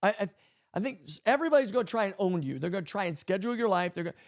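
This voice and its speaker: A man's voice: high-pitched, expressive, rapid-fire. A man, a pastor hosting a podcast, giving a casual leadership talk and repeating his key points for emphasis.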